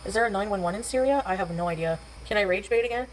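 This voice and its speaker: A woman rambles through an outdoor livestream from her scooter, complaining about feeling sick and often restarting her sentences. She talks at a rapid clip. Traffic and city noise run loudly behind her. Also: mid-range voice. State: nauseous. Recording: clip with loud street noise.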